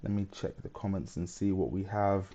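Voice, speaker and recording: A man's voice: sits low, fairly quick, dark tone, dull audio. A man hosting a live stream, chatting casually and reading out viewer comments in a rambling way.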